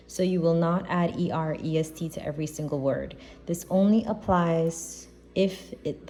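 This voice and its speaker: A woman teacher giving a recorded grammar lesson, explaining patiently and deliberately and checking in with her students. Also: fairly low pitch, warm tone, a little hiss or hum.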